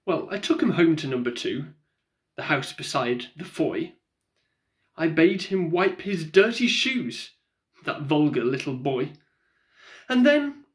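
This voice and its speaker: A man's voice: fairly high pitch, very animated, takes it slowly. A man reciting comic verse with theatrical, mock-solemn storytelling. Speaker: poetry reader.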